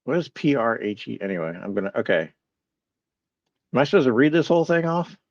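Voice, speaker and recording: A man's voice: mid-range voice, sing-song, a little fast, dry recording, highs cut off. A man hosting a casual live stream, musing aloud, reading chat replies and poking fun at his own confusion. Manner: bemused, self-mocking. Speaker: livestream host.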